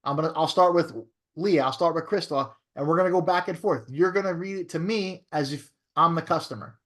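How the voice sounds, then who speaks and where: A man's voice: on the high side, fairly quick, a bit bright. A man who is a real estate broker teaching a training class in a coaching way, often checking in with "right?".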